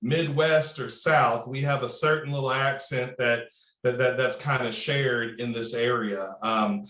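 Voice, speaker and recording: A man in his thirties with a Southern Indiana accent, telling stories as a panelist in a discussion, animated and drawling. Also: mid-range voice, a little slow, reverberant. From Southern Indiana, USA. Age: 30s. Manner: animated, drawling, repeats words when starting.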